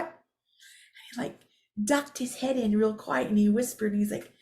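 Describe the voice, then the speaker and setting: A woman's voice: high voice, a little slow. A woman telling a personal story casually to camera, rambling, full of fillers and restarts, often laughing. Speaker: vlogger.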